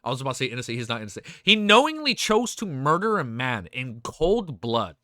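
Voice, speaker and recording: A man live-streaming his reactions, excitable and hyped, with casual slang and swearing. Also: mid-range voice, a little fast, noisy background. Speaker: streamer reacting to a web novel.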